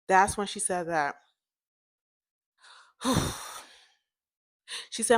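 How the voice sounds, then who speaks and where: A woman speaks slowly with long pauses, her tone a bit bright, while sharing a personal tale on her podcast. She's chatty and open with her listeners, acts out what others said, and says herself that her voice is pitchy and cracky.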